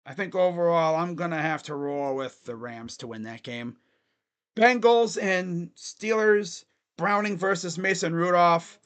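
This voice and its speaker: Guy with a pretty high voice rambling through a fan livestream, chatty and loose. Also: a little slow, a bit bright, smooth. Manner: rambling, loose, talks to chat. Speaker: sports fan livestream host. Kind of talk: casual livestream chat.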